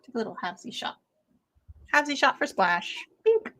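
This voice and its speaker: A woman's voice: on the high side, big pitch swings, fairly quick, fairly bright tone. A young woman hosting a casual watch-along stream, chatting with viewers and laughing a lot, with many "like"s. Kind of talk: casual chat with live viewers.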